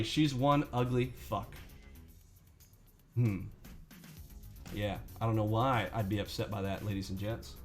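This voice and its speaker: A man with a fairly high voice rants at his viewers, indignant and sarcastic, and he swears freely. Soft music plays faintly behind him. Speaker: trading channel host. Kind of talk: angry rant to viewers.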